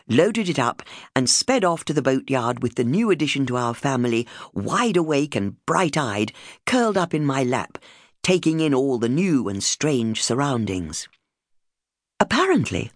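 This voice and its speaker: A woman narrating a memoir audiobook in a measured storytelling manner. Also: no room sound, studio quality. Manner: measured, warm storytelling with lively pitch.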